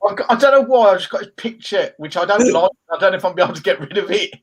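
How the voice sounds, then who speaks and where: A man with a slightly raised pitch, talking casually on a chat show. He teases his co-host in playful banter and rambles through half-remembered details. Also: expressive, racing, husky. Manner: jokey banter, playful mocking impressions. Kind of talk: casual chat with live viewers.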